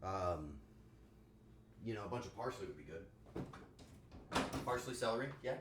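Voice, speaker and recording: A man's voice: on the low side, expressive, unhurried, heavy background noise. A man streaming casually while cooking at home, joking crudely and talking back to his chat. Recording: echoey room with faint ambience.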